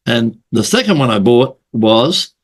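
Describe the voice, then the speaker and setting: A man's voice: medium pitch, sing-song, measured pace. A man hosting a casual interview, telling stories, swearing freely and acting out the people in them. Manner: storytelling, swears, acts out quoted voices. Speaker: podcast host.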